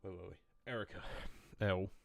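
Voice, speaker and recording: A man's voice: low voice, steady tone, moderate pace, gravelly, no echo, narrow, tinny audio. A young man streaming from home, chatting casually to his viewers in a rambling, self-mocking way. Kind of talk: casual live-stream chat.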